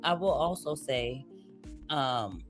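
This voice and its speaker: A woman's voice: very deep voice, expressive, takes it slowly, faint music behind. A woman giving casual, reflective commentary in a conversational way.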